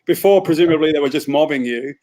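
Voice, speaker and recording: A man's voice: fairly high pitch, fast talker, mellow, slight background noise. Chatty British man hosting a video chat. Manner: chatty and jokey, with loose asides. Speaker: host. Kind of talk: casual video chat interview.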